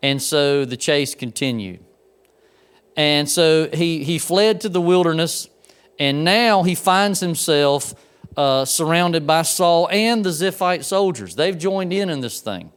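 A man's voice: a little high, lively intonation, slow pace, smooth. Conversational man preaching a sermon. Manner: conversational preaching with asides to the congregation. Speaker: pastor.

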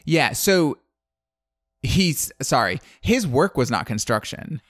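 A man's voice: mid-range voice, very animated, takes it slowly, no room sound, clean studio sound. Chatty man recapping a movie. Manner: rambling, chatty, lots of "like". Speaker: podcast co-host recapping a film. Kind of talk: casual chat.

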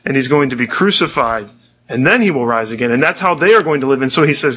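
A man's voice: medium pitch, animated, quick pace, pushed and bright, breathy edge, dull audio. A pastor giving a conversational, earnest sermon, often restarting his sentences.

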